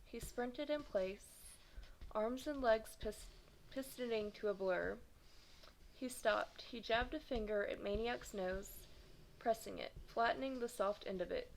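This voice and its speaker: A woman in her twenties reading a children's novel aloud in a steady manner, with occasional stumbles and self-corrections. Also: medium pitch, unhurried, vocal fry, a little hiss or hum, rough recording. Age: 20s. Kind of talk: storybook read-aloud.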